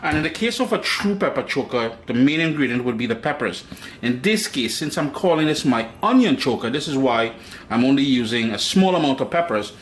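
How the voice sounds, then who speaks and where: A cooking show host with a Caribbean accent runs a demonstration in his home kitchen, chatting playfully to viewers and tossing in asides. His mid-range voice is expressive and brisk. The recording is echoey with utensil clatter, clinking dishes and cutlery, and a little hiss or hum.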